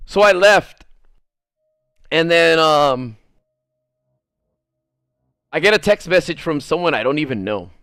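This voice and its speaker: Man, streamer, casual storytelling, animated, swears a lot, higher pitch, smooth voice. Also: slow pace, pauses often, dry recording, studio quality, soft background music. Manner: animated, swears freely, laughs often.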